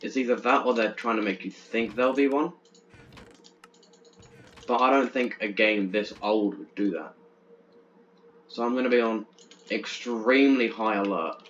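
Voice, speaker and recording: A young man commenting on a horror game as he plays, chatty and jumpy, stammering when he gets excited. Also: fairly low pitch, moderate pace, long pauses. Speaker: gaming channel host. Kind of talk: let's play commentary. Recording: dull lo-fi with faint hiss.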